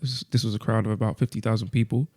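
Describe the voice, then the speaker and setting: A young man hosts a casual podcast chat and presses his co-hosts with steady, persistent questions. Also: lowish voice, quick pace. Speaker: podcast host leading discussion.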